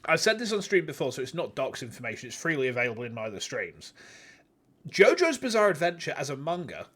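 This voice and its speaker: A man's voice: fairly high pitch, wildly swooping pitch, fast, fairly bright tone. Chatty swearing streamer in his thirties. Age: 30s. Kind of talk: casual game-stream commentary. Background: game music.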